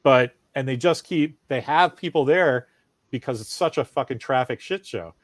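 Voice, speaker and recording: On a dry recording, a middle-aged podcast co-host with a medium-pitched voice tells animated stories at a moderate pace. Casual chat, with profanity and acted-out quotes.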